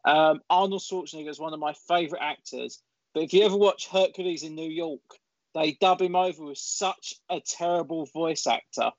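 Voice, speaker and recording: A man in casual podcast chat, halting and searching for his words. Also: on the high side, steady tone, dry recording. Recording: dull lo-fi audio.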